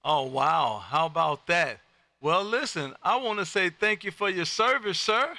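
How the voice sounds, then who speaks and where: A man hosting a live ham radio stream from his home radio room, loud and folksy, calling CQ and repeating his phrases. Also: sits high, expressive, a little slow, no room sound. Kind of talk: calling CQ and chatting with contacts.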